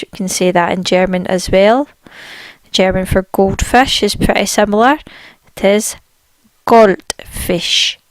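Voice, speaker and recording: A woman with a medium-pitched voice teaches a spoken language lesson, pronouncing each word slowly and repeating it clearly for learners. There is no echo.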